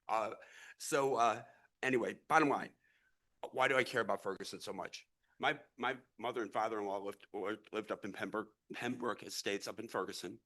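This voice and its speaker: A man's voice: lowish voice, brisk, sharp tone. A middle-aged man who grew up in the St. Louis area, giving an impassioned, rambling speech as a real estate investor at a city council meeting. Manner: earnest, rambling, repeats and restarts words.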